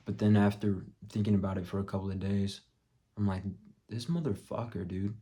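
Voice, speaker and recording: A young man vlogging, telling a story bluntly with plenty of swearing and dropping to a hush for his own thoughts. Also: low-pitched, monotone, a little fast. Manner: profane, blunt, drops to a muttered hush for quoted thoughts. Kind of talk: casual storytelling vlog.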